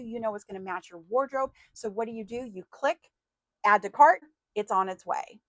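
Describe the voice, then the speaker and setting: A woman mindset coach giving an animated motivational talk, acting out excited inner voices. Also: mid-range voice, no room sound, low-quality recording.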